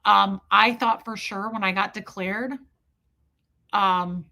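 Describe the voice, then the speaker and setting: Candid, swearing woman streamer, bright tone, chatting to her viewers. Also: medium pitch, fairly even intonation, slow pace, creaky. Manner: candid, emotional, swears freely, frequent restarts. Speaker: livestream host. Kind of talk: casual live-stream talk, reading chat.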